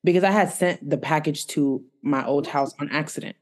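A woman's voice: low voice, normal speed. A woman co-hosting a home podcast, ranting with exasperation and plenty of swearing while telling a story. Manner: exasperated, profane, animated storytelling. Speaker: podcast co-host. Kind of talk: casual ranting chat. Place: home room with dogs.

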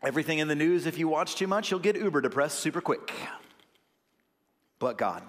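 A man's voice: on the high side, expressive, a little fast. Fervent man preaching in a reverberant hall. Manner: earnest, conversational preaching with rising emphatic bursts. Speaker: associate pastor. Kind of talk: sermon. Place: church sanctuary.

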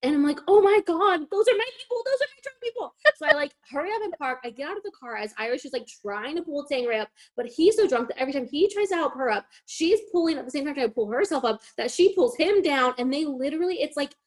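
A young woman with a slightly high voice tells a chaotic story in a casual podcast chat. She swears freely and acts out each quoted line. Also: expressive, fast talker, hardly any pauses, a little mellow.

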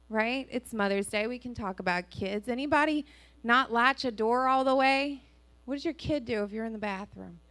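A woman's voice: a little high, moderate pace, no room sound. A woman pastor, telling a personal story in a sermon and acting out the voices. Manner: animated storytelling, acts out dialogue. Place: church sanctuary.

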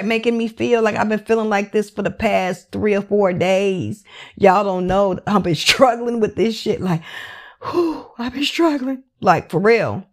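Candid, emotional woman telling true crime. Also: medium pitch. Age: adult parent. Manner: emotional, candid and profane, with many "like" fillers. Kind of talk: casual true crime recap.

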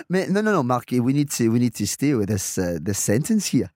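A man's voice: medium pitch, big pitch swings, normal speed, a little mellow, no echo. Man, playful teaching chat, dry close studio sound. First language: French. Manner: playful, repeats words when restarting. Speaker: co-presenter, native-speaker teacher.

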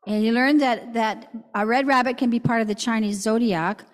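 A woman giving a church object lesson for children, explaining things simply and gently. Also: fairly high pitch, fairly even intonation, moderate pace, in a large hall. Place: church sanctuary.

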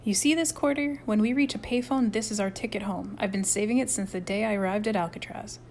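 A woman voicing a brisk, bossy boy camper who barks orders like a mock ship's captain. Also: mid-range voice, a little mellow, a little hiss or hum, lightly acted. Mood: breezy. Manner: crisp, commanding, playful mock-sailor.

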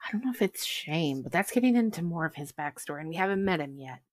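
A woman narrating as game master in a tabletop role-play, unhurried and halting, with giggly asides. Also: lowish voice, animated, a little hiss or hum.

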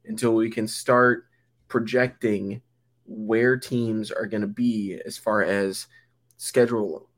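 A young man with a lowish voice speaks slowly, his intonation fairly even. He co-hosts a football podcast, chatting casually and rambling with plenty of fillers and restarts.

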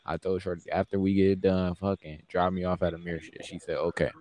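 A man's voice: deep voice, a little fast, dry recording. A young man co-hosting a podcast, telling stories in casual, profane talk and acting out the lines of the people in them. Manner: profane, animated, acts out quoted dialogue. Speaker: podcast co-host. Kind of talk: casual storytelling chat.

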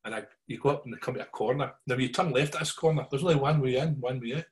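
A middle-aged man with a Glaswegian Scottish accent telling stories in casual chat, animated and always checking in with his listeners. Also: medium pitch, very fast. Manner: animated yarn-spinning, keeps checking in with listeners.

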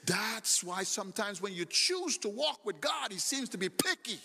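Man, middle-aged, pastor, sermon, repeats his points, very lively pitch, long reverb of a church hall. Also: normal speed, vocal fry, few pauses, slightly rough. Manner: animated preaching, repeating phrases, acting out dialogue. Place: church sanctuary.

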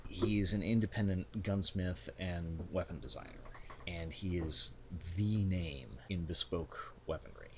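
A man narrating as game master of a tabletop game, relaxed and descriptive. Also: low voice, a little slow, background noise.

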